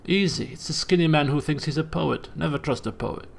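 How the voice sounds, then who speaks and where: Gravelly laid-back trucker woman with a Spanish accent, as a man puts her on. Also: a little high, a little fast. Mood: sly. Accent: put-on Spanish accent. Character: weary female trucker, laid-back, dryly evasive.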